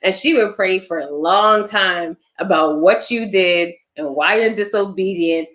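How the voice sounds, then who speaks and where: A woman co-hosts a church talk show at a middle pitch. She talks frankly and conversationally, as if among friends. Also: unhurried, a bit bright. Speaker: co-host. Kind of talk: casual chat.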